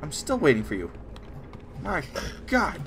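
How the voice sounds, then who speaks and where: A man's voice: a little high, huge pitch swings, unhurried, a bit bright, a little hiss or hum. A man hosting a game playthrough, chatting casually and bantering playfully with his co-player. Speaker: let's play host. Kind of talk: casual gameplay chat.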